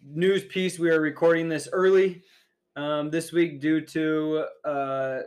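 A man's voice: on the high side, fairly even intonation, slow, darkish tone. A man co-hosting a podcast, chatting casually and rambling through a story with many fillers. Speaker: podcast co-host.

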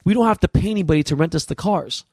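A man from the US West Coast, a podcast guest, telling stories in an animated, profane, slang-heavy way. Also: high voice, very fast, no room sound, clean studio sound. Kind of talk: casual storytelling interview.

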